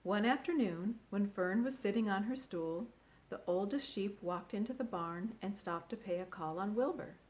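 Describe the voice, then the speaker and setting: A woman reading a children's book aloud in an expressive, animated way. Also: medium pitch, moderate pace. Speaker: storyteller.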